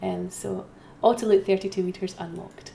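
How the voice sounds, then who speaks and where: A woman's voice: mid-range voice, steady tone, moderate pace, vocal fry, warm tone. A woman hosting a live-streamed auction, chatting and self-mocking as she repeats calls for bids at her computer. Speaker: auction host. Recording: roomy echo, faint keyboard typing.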